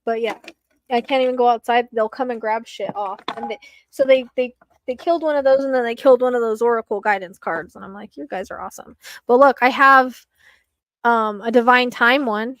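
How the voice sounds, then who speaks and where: A woman's voice: on the high side, fairly quick, fairly bright tone, dry recording. A young woman hosting a late-night psychic live stream from home, rambling with lots of fillers and sounding a little anxious.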